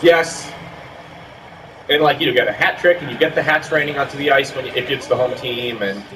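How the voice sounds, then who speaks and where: A man's voice: medium pitch, fairly quick, far from the mic, crowd noise, rough recording. A man co-hosting a hockey video game session, chatting easygoing about the game. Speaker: co-host and player. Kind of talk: casual gameplay commentary.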